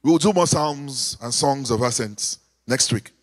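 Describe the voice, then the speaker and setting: A man preaching a sermon, animated, with call-and-response, sudden shouts and sung lines. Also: medium pitch, unhurried, long reverb tail. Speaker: pastor.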